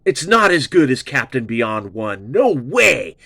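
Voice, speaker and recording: A man's voice: mid-range voice, big pitch swings, measured pace, gravelly, a bit bright, no room sound, clean studio sound. A man hosting a casual album review, gushing and swearing, repeating his praise over and over. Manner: gushing, profane, repeats himself. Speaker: music reviewer, show host.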